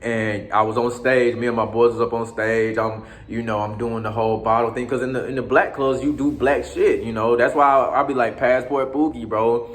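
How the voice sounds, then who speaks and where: Speaking at a moderate pace in a steady, mid-range voice, a man recounts his time abroad as one long casual story. He curses freely, uses slang, restarts sentences and keeps tossing asides to his listener.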